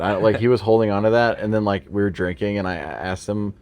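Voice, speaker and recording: A man's voice: lowish voice, fairly even intonation, fairly quick, a little mellow. A young man as a podcast guest, rambling through anecdotes with restarts and laughs. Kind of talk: casual chat.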